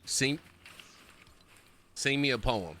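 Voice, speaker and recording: A man's voice: mid-range voice, animated, takes it slowly, bright, forceful tone, a little hiss or hum. A man hosting a gaming stream, asking playful questions in a laid-back, slangy way. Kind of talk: casual live-stream chat.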